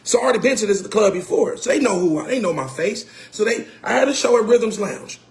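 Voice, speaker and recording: A man telling a personal story casually, animated and repetitive, swearing and getting heated. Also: high-pitched, fast. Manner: animated, repeats phrases, swears, grows heated and shouts. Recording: roomy echo.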